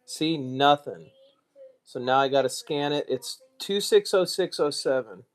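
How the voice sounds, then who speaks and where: A man's voice: on the high side, lively intonation, a little slow. An American man chatting casually on a live stream, muttering asides and mocking himself as he goes. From United States. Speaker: streamer, card collector.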